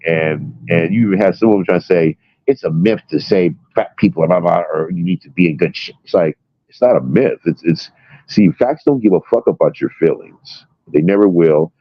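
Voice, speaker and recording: In dull lo-fi audio without echo, a low-voiced man talks casually, swearing heavily as he tells stories in a blunt, emphatic manner.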